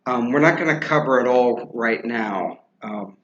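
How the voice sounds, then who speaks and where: A man giving a classroom lecture, halting with many ums and uhs and spelling names out loud. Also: medium pitch. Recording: roomy, dull lo-fi with faint noise.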